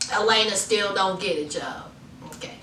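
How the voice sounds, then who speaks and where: A woman's voice: medium pitch, fairly bright tone, reverberant, far from the mic, slight background noise, poor audio. A woman recapping a TV episode in a sassy, chatty way, calling her viewers honey and child. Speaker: TV episode reviewer. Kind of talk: casual TV recap.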